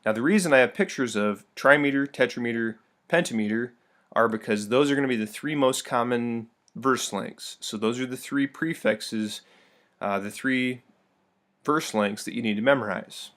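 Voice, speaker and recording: A man's voice: mid-range voice, normal speed, a bit bright. A young man teaching a recorded lesson, playful and full of joking asides.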